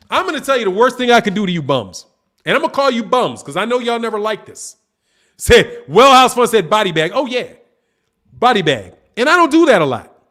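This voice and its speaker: Reading super chats on his live boxing stream, the host argues with viewers in a combative, mocking, trash-talking way. He speaks with a high-pitched, slightly bright voice.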